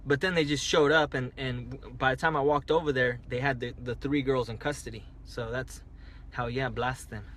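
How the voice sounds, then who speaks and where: Guy livestreaming off his phone, bright voice, rambles and restarts a lot, mid pitch. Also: steady tone, normal speed, a little hiss or hum. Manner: rambling, repeats himself, restarts often. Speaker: livestreaming driver. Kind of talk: casual livestream storytelling. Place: parked car at night.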